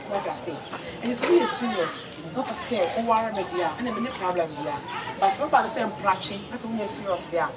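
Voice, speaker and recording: A woman scolds at a quick clip, heard from some distance. A loud crowd and heavy noise surround her voice. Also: medium pitch, lively intonation. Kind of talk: comedy skit dialogue.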